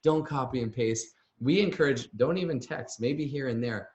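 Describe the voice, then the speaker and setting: Male business coach, energetic, medium pitch, echoey room sound. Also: moderate pace, highs cut off. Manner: energetic, acts out sample messages. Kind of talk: coaching call. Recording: roomy echo.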